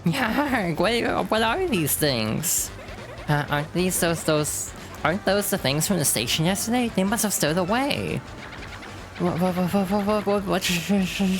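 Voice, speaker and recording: A woman's voice: sits low, creaky, background noise, voice pushed up, exaggerated voice. Woman doing a stammering panicky engineer. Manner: stuttering, frantic.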